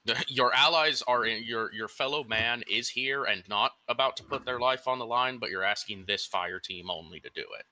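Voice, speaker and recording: A man's voice: mid-range voice, moderate pace, few pauses, bright, forceful tone. A man acting as game master, explaining rules in an easygoing way and laughing readily. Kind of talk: running a tabletop game.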